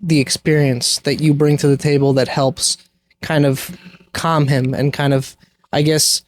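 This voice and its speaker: A man's voice: fairly high pitch, little pitch movement, unhurried. A man in a casual chat, chiming in briefly with teasing remarks.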